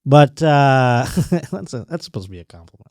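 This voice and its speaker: A man's voice: mid-range voice, very animated, moderate pace, darkish tone, no room sound, studio quality. A man hosting a podcast in casual chat, profane, joking and rambling. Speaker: podcast host.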